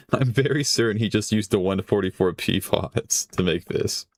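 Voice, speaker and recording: With no room sound, a lowish-voiced man speaks unhurriedly while hosting a stream and reacting to a video. He wanders in his casual commentary, swears frequently and laughs in the middle of sentences.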